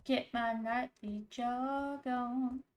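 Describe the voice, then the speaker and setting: A woman's voice: fairly high pitch, fairly even intonation, very slow. A woman streamer giving sarcastic, exclaiming let's-play commentary, swearing freely. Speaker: gaming streamer.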